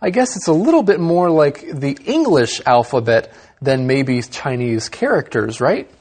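A man's voice: mid-range voice, very animated, measured pace, a little mellow. Upbeat male English-lesson co-host. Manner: explaining, upbeat teacher tone. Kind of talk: scripted educational chat.

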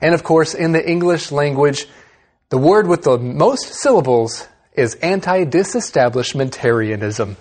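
A man's voice: fairly high pitch, expressive, measured pace, a little mellow. A man co-hosting an English lesson program, explaining words in an upbeat teacher's manner. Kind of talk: scripted educational chat.

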